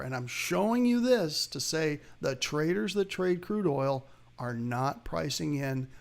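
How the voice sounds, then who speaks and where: A man's voice: a little high, gravelly. Chatty male live-stream market host. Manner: chatty, addresses viewers directly, reads chat live. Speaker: host of a live investing show. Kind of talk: live webcast market commentary.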